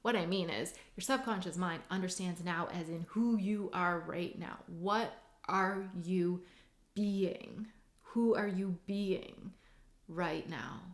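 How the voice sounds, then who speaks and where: A woman's voice: fairly low pitch, slow pace. Earnest woman coach in echoey room. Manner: conversational, many "like" and "right?" tags, earnest. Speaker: hypnotherapist and mindset coach. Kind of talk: casual teaching monologue. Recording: roomy echo.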